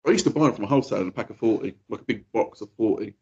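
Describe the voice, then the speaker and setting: A man from the UK hosting a podcast in casual chat, excitable, swearing a lot and laughing often, on a dull lo-fi recording. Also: fairly low pitch, very fast. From United Kingdom. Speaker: podcast host.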